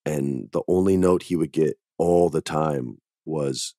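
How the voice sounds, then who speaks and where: A middle-aged man hosting a podcast, chatting casually and telling stories with animated emphasis. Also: a bass voice, a little slow, few pauses, no echo, studio quality. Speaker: podcast host. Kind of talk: casual chat.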